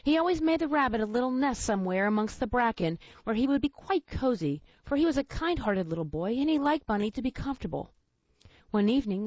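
Gentle, lively woman storyteller. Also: fairly high pitch, no room sound, dull audio. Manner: gentle, expressive. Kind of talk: reading a children's storybook aloud.

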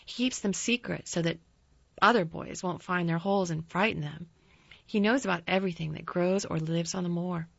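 A woman's voice: fairly low pitch, normal speed, creaky, no room sound. A woman voicing a contrary, blunt little girl who talks in an earnest, insistent way, in a slightly dull, dry recording. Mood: eager.

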